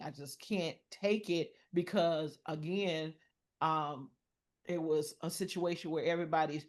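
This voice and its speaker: Talking earnestly about mental health as a podcast guest, a middle-aged woman speaks in a fairly low, slightly mellow voice. Her sentences frequently stop and start over during the personal conversation.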